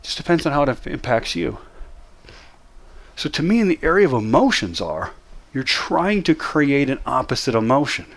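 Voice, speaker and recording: In a very animated mid-range voice at normal speed, a man delivers a motivational lesson on coping with depression. He speaks directly to his listener and hammers home brief, repeated commands.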